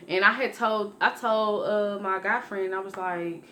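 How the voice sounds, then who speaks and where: A woman's voice: medium pitch, a little slow, slight background noise. A young woman vlogger telling a personal story in a casual, rambling way, restarting and correcting herself often. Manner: rambling, conversational, with many restarts and self-corrections; lively when acting out her own past lines.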